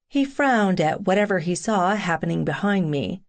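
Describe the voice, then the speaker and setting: A woman's voice: fairly low pitch, expressive, unhurried, gravelly, hardly any pauses. A woman narrating a first-person romance audiobook in a sassy, wry tone.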